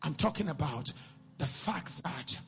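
A man preaching a sermon in a sing-song cadence that swells into shouts, repeating phrases and questioning the congregation. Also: on the high side, animated, unhurried, gravelly, slightly rough. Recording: long reverb with faint music.

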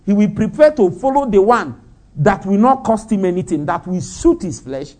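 A man's voice: high voice, big pitch swings, normal speed, a little mellow. A man preaching a sermon, firing off rhetorical questions and breaking into laughter.

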